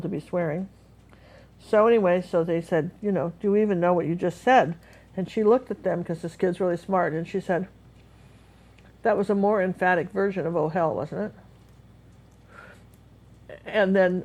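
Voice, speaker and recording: A woman's voice: lowish voice, poor audio. Rambling woman teaching painting live. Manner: rambling, many fillers and restarts. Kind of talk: live painting class, chatty storytelling.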